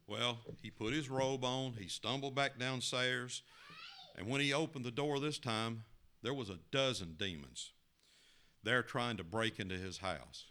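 A man telling a parable as a sermon, folksy and expressive, with sudden rises in pitch and loudness. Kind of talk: sermon storytelling.

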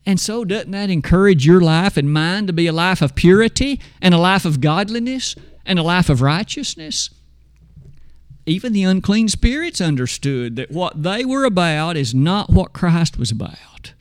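A man delivering a sermon, reading scripture aloud with slow, emphatic pauses. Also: high voice, lively intonation, dry recording, clean studio sound. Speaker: preacher.

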